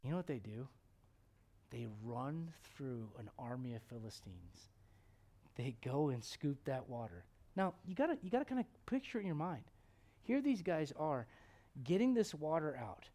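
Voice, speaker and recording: A man preaching a sermon, telling stories and acting out the quotes, sometimes dropping to a hushed tone. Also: on the high side, moderate pace. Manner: animated storytelling, acts out quotes, drops to hushed tones.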